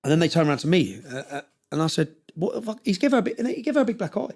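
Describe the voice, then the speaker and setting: Man, interview guest, gravelly and rapid, emotional rambling storyteller. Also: a little high, big pitch swings, darkish tone. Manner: passionate, rambling with restarts.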